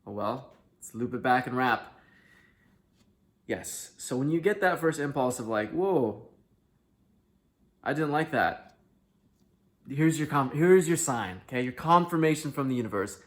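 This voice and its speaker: Earnest man, hushed to emphatic swings. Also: medium pitch, animated, measured pace, long pauses. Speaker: self-help video host. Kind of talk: candid monologue to camera.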